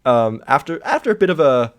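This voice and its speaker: Male podcast co-host, mid pitch, very animated intonation, playful, laughs easily. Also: brisk, smooth. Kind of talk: casual chat.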